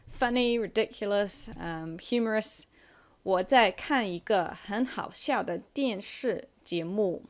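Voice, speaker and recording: New woman teacher, mid-pitched, speaks slowly and carefully, models tones patiently. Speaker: Chinese language teacher. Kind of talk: recorded vocabulary lesson.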